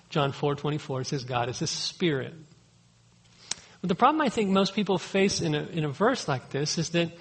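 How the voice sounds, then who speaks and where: A middle-aged man delivers a sermon with earnest emphasis and pleading repetition. His voice sits a little high and sounds husky. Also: a bit bright, poor audio. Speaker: pastor.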